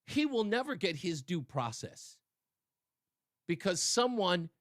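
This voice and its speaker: A man's voice: high-pitched, sing-song, slow, a bit bright, dry recording. A male talk radio host giving sarcastic, mocking political commentary on a studio mic.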